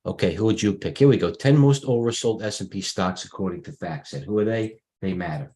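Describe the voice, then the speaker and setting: A man's voice: fairly low pitch, a little fast, warm tone. A middle-aged man hosting a live market stream, rambling through charts with restarts and fillers. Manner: rambling, thinks aloud, frequent restarts and fillers. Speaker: stock market livestream host. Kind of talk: casual market commentary over charts.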